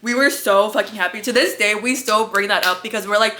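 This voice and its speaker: A woman's voice: mid-range voice, fast talker, hardly any pauses, sharp tone, a little hiss or hum. A young woman telling a story in a casual vlog, slangy and profane, rambling with fillers, out of breath and congested. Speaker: vlogger.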